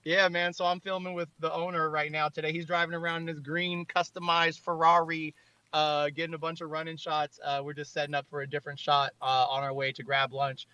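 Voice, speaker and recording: Videographer type, sharp bright tenor, loose rambling chat, dull lo-fi audio. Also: male voice, fairly high pitch, little pitch movement, brisk, dry recording. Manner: rambling storytelling full of "like". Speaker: videographer and director. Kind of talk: casual chat.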